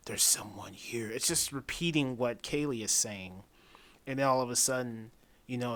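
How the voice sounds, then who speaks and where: A man of ordinary pitch talks through a film in a loose, rambling way. He keeps circling back and tossing in "man", and his voice goes quiet and hushed whenever he retells a scary moment. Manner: rambling, repeats himself, says "man" a lot. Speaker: movie reviewer. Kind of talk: casual spoken film review.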